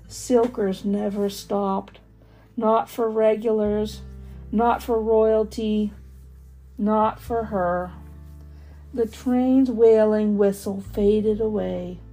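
A woman reading a children's storybook aloud, expressive with dramatic pauses. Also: medium pitch.

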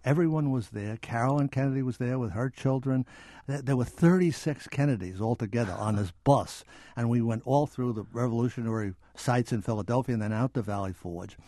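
A man's voice: medium pitch, brisk, mellow, no echo, studio quality. An older man, an author and historian, reading from his book and then answering interview questions with many small restarts.

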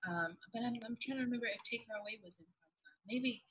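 A woman's voice: on the high side, fairly quick, fairly bright tone, rough recording. A woman actress as a guest in an interview, telling a story earnestly with many fillers. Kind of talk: casual interview chat.

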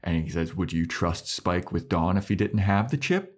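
Low-voiced male podcast co-host, casual, retells scenes by voicing the dialogue. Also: animated, moderate pace. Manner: retells scenes by acting out characters' lines. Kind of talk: casual chat recapping a TV episode.

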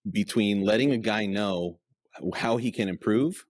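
Guy hosting a faith podcast, kinda low voice, calm and reflective, dry studio mic. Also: no room sound. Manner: measured, reflective, sums up what the guest says. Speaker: podcast host, pastor. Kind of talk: interview questions and reflection.

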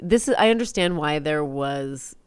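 A woman's voice: low voice, animated, moderate pace, clear, resonant tone, dry recording. A woman in casual chat, animatedly retelling a film plot and acting out the characters' lines. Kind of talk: casual movie recap chat.

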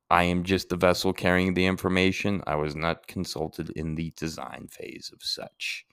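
A man's voice: low voice, steady tone, moderate pace, creaky, dry recording, clean studio sound. A man giving a casual Latin grammar lesson, chatty and self-deprecating, often asking rhetorical questions. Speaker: Latin teacher.

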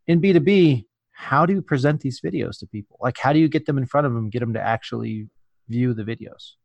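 A man's voice: mid-range voice, a little fast, creaky, darkish tone, no room sound, lo-fi sound. A man hosting a podcast in casual chat, joking and rambling as he asks questions. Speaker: podcast host.

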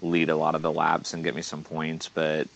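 A man with an extremely deep voice recaps his results on a sports podcast. He talks in a relaxed, easygoing way. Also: normal speed, creaky. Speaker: podcast co-host. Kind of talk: casual sports podcast chat.

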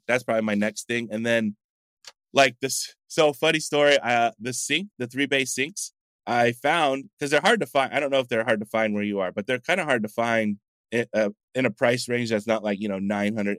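Appearing as an interview guest, a middle-aged American coffee shop founder chats and meanders through anecdotes, leaning on lots of fillers. His medium-pitched voice is bright and forward, his pace brisk. The recording is dry, with no room echo.

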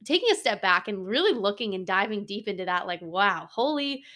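A woman's voice: medium pitch, animated, a little fast, bright, forceful tone. A woman in her twenties talking through a solo podcast episode in a casual, earnest way, with lots of "like" and "you know". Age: 20s. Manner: earnest, chatty, heavy on fillers like "like" and "you know". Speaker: podcast host.

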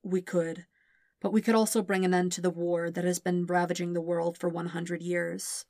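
A woman voicing a calm young prince who speaks softly and steadily to reassure. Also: fairly low pitch, moderate pace, no echo, studio quality, natural voice. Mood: gentle.

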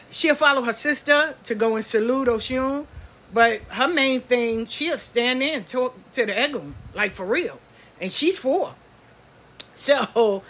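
Older grandma, husky voice, cussing and laughing through family stories. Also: female voice, mid-range voice, fairly bright tone. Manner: laughs often, blunt and profane. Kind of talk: casual storytelling.

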